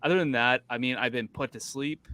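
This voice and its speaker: A man's voice: medium pitch, fairly quick, bright, forceful tone, no echo. A man hosting a casual podcast chat, telling a rambling story full of restarts. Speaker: podcast host.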